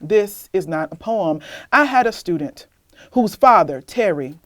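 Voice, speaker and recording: Young woman poet, interview guest; candid, lively, laughs easily, low voice. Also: a little slow, no echo. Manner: candid, animated, laughs often. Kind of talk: casual interview chat, then poetry reading.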